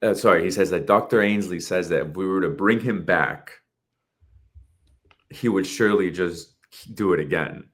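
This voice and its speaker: A man in his late thirties co-hosting a podcast, talking casually in animated bursts and swearing freely. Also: low voice, moderate pace. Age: 30s. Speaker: podcast co-host. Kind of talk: casual chat.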